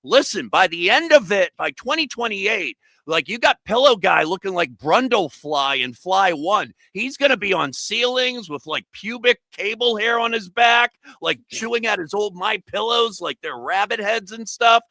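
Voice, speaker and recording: A man riffing in a loud, rambling comic rant full of slang. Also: sits high, lively intonation, no room sound. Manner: loud, rapid, jokey rants with slang. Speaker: comedian guest.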